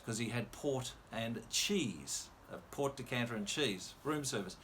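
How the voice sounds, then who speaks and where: Man telling a lively radio story. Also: mid-range voice, a little fast, few pauses, slight background noise. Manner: anecdotal, animated retelling with quoted dialogue. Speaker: radio presenter. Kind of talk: storytelling on a video call.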